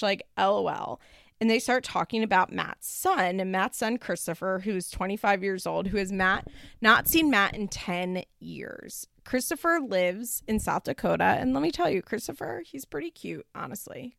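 Vocal-fry woman recapping reality TV. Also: mid-range voice, a bit bright, no room sound, studio quality. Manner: rambling and profane, heavy use of "like", acts out quotes.

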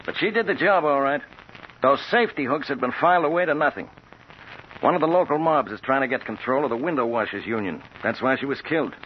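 An actor playing a skeptical police captain in a 1940s radio drama, dry, wry and businesslike. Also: male voice, mid-range voice, expressive, fast, lightly acted. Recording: old radio broadcast, dull with faint hiss.

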